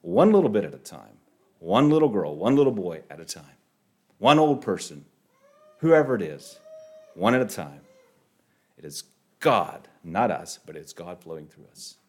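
A man preaching a sermon, halting and repeating words, rising sharply on key phrases. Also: fairly low pitch, big pitch swings, darkish tone.

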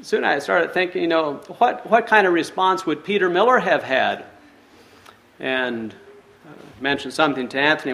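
A man's voice: fairly high pitch, normal speed, sharp tone. A man reading a story aloud and then reflecting on it in an earnest way, with some hesitant restarts. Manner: earnest, with hesitant restarts in his own talk. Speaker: speaker.

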